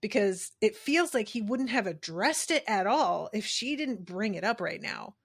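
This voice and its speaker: A woman's voice: medium pitch, lively intonation, normal speed, breathy edge. A woman co-hosting a podcast, casually recapping a TV episode, emphatic and swearing freely as she acts out quotes. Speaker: podcast co-host.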